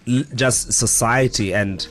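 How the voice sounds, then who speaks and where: A man's voice: mid-range voice, slow, fairly bright tone, faint music behind. A middle-aged man, an author and guest, talking in a casual interview in a reflective, storytelling way with frequent restarts.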